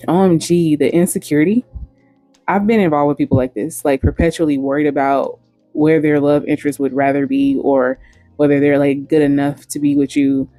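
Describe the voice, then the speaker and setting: A woman's voice: sits low, steady tone, a little fast, dark tone, no room sound, faint music behind. A woman hosting a casual commentary vlog, speaking bluntly and frankly with casual profanity. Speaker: host.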